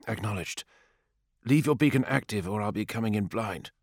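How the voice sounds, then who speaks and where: A man voicing a tense male gunship pilot who speaks softly in quick radio procedure. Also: lowish voice, expressive, slightly rough, no room sound, studio quality. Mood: hushed.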